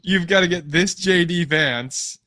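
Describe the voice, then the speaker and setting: A man's voice: sits high, measured pace, pushed and bright, dry recording. A man co-hosting a casual podcast who teases his partner, laughs a lot and reacts with disbelief. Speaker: podcast co-host. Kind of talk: casual chat.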